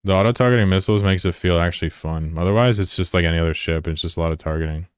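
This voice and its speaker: Low, smooth-voiced man in his thirties streaming. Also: racing, no room sound, studio quality. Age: 30s. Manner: loose, profane, giggly banter with chat. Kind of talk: casual live gameplay commentary.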